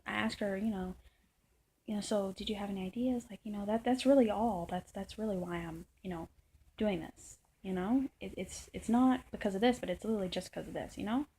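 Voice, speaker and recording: A woman's voice: mid-range voice, brisk, warm tone, breathy edge, poor audio. A woman vlogging a long, rambling personal story in a frustrated tone, full of fillers and restarts. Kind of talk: casual storytelling monologue.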